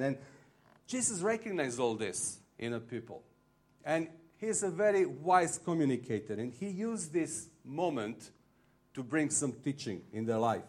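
A man preaching a sermon, retelling a story with lively acted-out crowd voices and slightly phrasing. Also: on the high side, a little slow. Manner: animated storytelling, acting out crowd voices, non-native phrasing.

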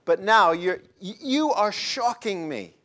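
A man's voice: sits high, lively intonation, takes it slowly, bright, forceful tone, voice pushed up, exaggerated voice. A male preacher voicing an indignant, frustrated ancient farmer who bursts out in exasperation. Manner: exasperated, emphatic outbursts.

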